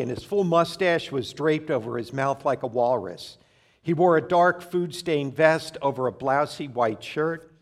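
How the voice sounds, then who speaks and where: A man preaching a sermon, telling a funny travel story with wry, conversational asides. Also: a little high. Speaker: pastor.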